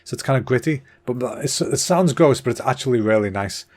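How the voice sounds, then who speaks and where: Fairly fast and a little breathless, this podcast host in his thirties runs a relaxed solo show in a voice of ordinary male pitch. His throat sounds somewhat clogged, and he chats excitably, rambling along with plenty of fillers and false starts.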